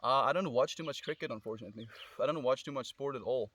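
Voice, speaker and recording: A young man with a South African accent and a mid-range voice talks fast as he live-streams on his phone outdoors beneath a tree in the sun. Casual and friendly yet reflective, he responds to comments and calls his viewers "friend."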